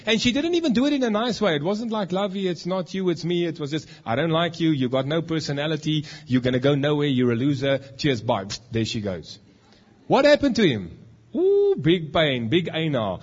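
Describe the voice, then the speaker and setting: Joking preacher, husky voice. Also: male voice, fairly high pitch, dull audio. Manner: joking, teasing the congregation. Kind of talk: lively sermon with audience demonstration. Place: church hall.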